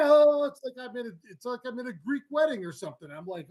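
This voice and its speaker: This fishing livestream host chats casually from inside his home, joking, rambling off on tangents and reading comments aloud. He talks fast in a very high-pitched, darkish voice with lively intonation.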